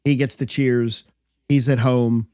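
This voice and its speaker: A man's voice: medium pitch, little pitch movement, unhurried, dark tone, clear, resonant tone, no echo. A man with a middle-range voice chats easily as a podcast co-host, thinking aloud and restarting sentences. His voice sits close and dry, with no room sound. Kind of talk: casual wrestling chat.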